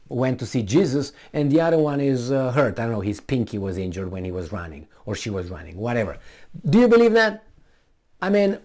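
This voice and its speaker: A man's voice: medium pitch, dark tone. A man giving a casual commentary for a video, sarcastic and rambling, with many fillers and false starts.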